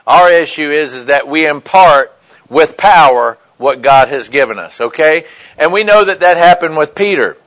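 A man delivering a sermon with a voice that sits a little high for a man. He talks in a plain, conversational way, leaning into his points and often pausing to check that his listeners are with him. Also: a bit bright, low-quality recording. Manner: conversational preaching with frequent "right?" and "okay" check-ins. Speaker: preacher.

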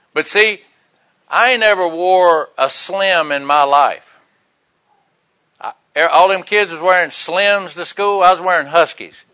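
High, bright older preacher. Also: male voice. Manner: folksy, joking, swings from loud bursts to quiet asides. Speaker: pastor. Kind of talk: sermon.

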